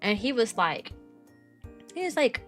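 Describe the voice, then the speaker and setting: Bubbly young woman streamer, bright voice. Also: fairly high pitch, unhurried, faint music behind. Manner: rambling, lots of "like", bubbly and animated. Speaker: VTuber streamer and kindergarten teacher. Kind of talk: casual stream chat answering viewers.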